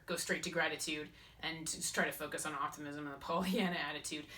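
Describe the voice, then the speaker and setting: A woman chatting in a casual vlog as a spiritual advisor, animated and self-mocking. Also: sits low, quick pace, recorded from a distance.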